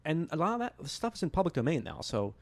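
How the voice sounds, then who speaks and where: A man's voice: fairly high pitch, big pitch swings, quick pace, vocal fry, darkish tone, no room sound. A man co-hosting a podcast, in casual film chat. He is enthusiastic and rambling, restarting his sentences often. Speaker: podcast co-host.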